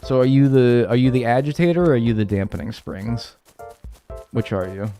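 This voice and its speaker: A man's voice: medium pitch, normal speed, warm tone. Joking, profane streamer man, faint music. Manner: rambling, profane, jokey banter with chat. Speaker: speedrunning streamer. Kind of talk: casual livestream chat while playing.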